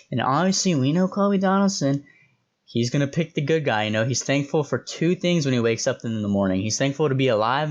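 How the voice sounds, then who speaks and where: A young man at a middle pitch giving casual, opinionated commentary. He rambles with slangy asides and restarts, keeping a relaxed conversational flow. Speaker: host reviewing reality show contestants.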